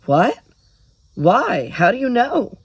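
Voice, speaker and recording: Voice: mid-range voice, sing-song, slow, slightly rough, no room sound, pitched above the performer's own voice, exaggerated voice. A man voicing an anxious, worn-out young woman in a storybook reading. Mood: alarmed. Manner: blurting, alarmed questions.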